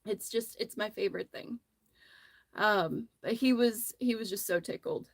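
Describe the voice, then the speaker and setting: Woman host, chatty crochet livestreamer, mid-pitched, close dry phone mic; easygoing rambling storyteller. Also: measured pace, creaky, no echo. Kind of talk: casual chat while crocheting.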